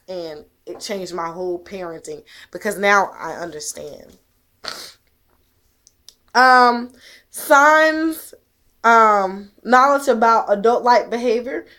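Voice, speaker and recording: A woman's voice: medium pitch, pushed and bright, slight background noise. A mother talking straight to the camera in an intense, emphatic way, blunt and swearing, pressing her point with rhetorical questions. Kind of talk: direct-to-camera monologue.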